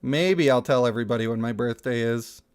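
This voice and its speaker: A man's voice: medium pitch, fairly quick, clear, resonant tone. A man in his thirties chatting casually on a livestream, reading out chat messages and laughing often. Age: 30s.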